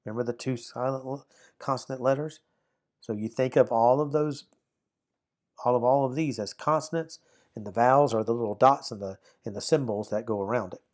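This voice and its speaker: Man, grammar teacher, slow repeated syllables, frequent check-ins, middle pitch. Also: darkish tone. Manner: slow careful drilling of syllables, repeats sounds and checks "right? okay?". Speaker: Bible Hebrew teacher. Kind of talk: recorded grammar lesson.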